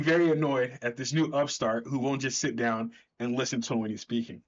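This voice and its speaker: A man's voice: mid-range voice, fairly even intonation, a little fast. A man chatting enthusiastically as he recaps a comic book, correcting himself as he goes, on a slightly dull recording.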